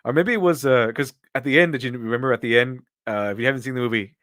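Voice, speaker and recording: A man's voice: medium pitch, fast talker, a bit bright, no room sound, studio quality. A man doing casual live-stream commentary and answering viewer donations, with rambling, opinionated talk full of restarts.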